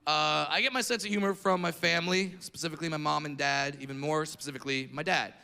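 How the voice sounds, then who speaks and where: Brash comedian with a gravelly high voice. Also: male voice, fairly even intonation, fast talker. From California. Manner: brash, punchy, builds to shouting rants. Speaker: stand-up comedian. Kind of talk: stand-up comedy.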